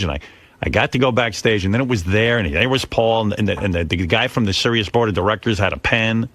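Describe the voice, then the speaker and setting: A man's voice: on the low side, fast, a bit bright, no room sound. An older man hosting a radio show, telling a story in casual chat and acting out the voices of the people in it. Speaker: radio host. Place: radio studio.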